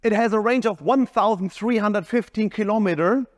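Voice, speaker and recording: A man giving an energetic, emphatic keynote speech on a stage. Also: sits high, moderate pace, big-room sound. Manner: energetic, emphatic, sometimes shouting. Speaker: keynote speaker.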